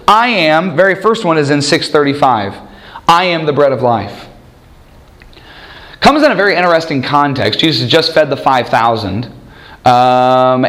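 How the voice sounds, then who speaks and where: A man preaching a sermon in an animated way, acting out the people he quotes. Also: fairly high pitch. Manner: animated, acts out quoted voices.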